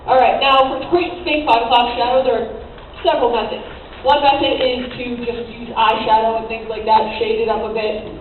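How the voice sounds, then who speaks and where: A woman's voice: fairly high pitch, fairly even intonation, a little fast, slight background noise. A young woman giving a casual convention panel talk, joking and teasing as she goes. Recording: echoey, distant, tinny audience recording.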